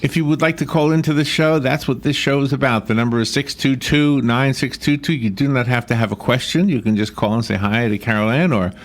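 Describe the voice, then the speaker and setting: A man's voice: mid-range voice, brisk, hardly any pauses. Easygoing man co-hosting a radio show. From United States. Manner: easygoing, laughs often, reads call-in number. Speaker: radio co-host. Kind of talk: casual radio banter. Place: radio studio.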